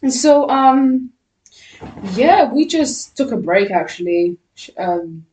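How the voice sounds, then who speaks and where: A young woman co-hosting a podcast, chatty and teasing with quick remarks. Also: a little high, animated, a little mellow, recorded from a distance, a little hiss or hum. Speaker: podcast co-host. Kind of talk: casual chat. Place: room with ring light, podcast set. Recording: echoey room.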